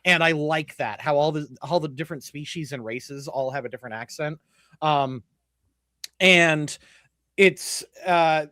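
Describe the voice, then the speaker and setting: A man with a fairly high voice chats casually on a livestream. He rambles, restarts and fills his sentences with "like." His voice is close and dry, with no room sound. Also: fairly bright tone, no room sound. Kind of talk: casual chat.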